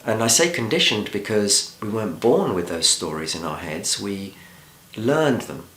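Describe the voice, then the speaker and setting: A man who works as a therapist, giving a calm, measured talk that opens with a story. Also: fairly low pitch. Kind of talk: scripted talk. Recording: roomy echo.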